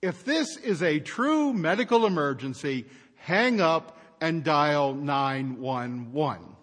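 Bland automated phone-menu voice put on by a male preacher, slow and somewhat high, with a long echo. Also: expressive, a bit bright, heavily acted. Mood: recorded politeness. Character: automated pharmacy phone menu voice, flat and polite.

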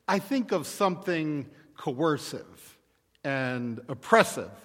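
A male pastor preaching a sermon in a deliberate, measured way. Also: a little high, a bit bright, in a large hall.

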